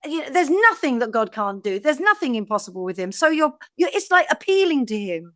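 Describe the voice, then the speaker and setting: A woman's voice: high voice, big pitch swings, fairly quick, no room sound, studio quality. A woman co-hosting a casual Bible study podcast, laughing often and reading passages aloud. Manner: warm-hearted, laughs often, reads scripture aloud. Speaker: podcast co-host.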